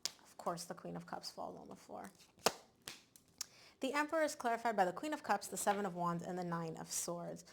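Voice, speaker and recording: A woman giving a casual tarot reading to camera, animated and emphatic, often repeating words for stress. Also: on the low side, normal speed, vocal fry, noisy background. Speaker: tarot reader.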